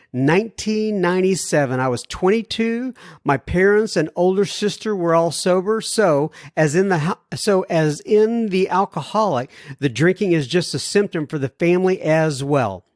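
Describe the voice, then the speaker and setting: A man's voice: high-pitched, lively intonation, normal speed, dry recording, clean studio sound. American guy reading listener mail on his podcast, voice bounces up and down a lot, keeps going off on tangents and saying sorry. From United States. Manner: rambling, apologetic, drifts into tangents. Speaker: podcast host. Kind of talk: casual chat reading listener letters.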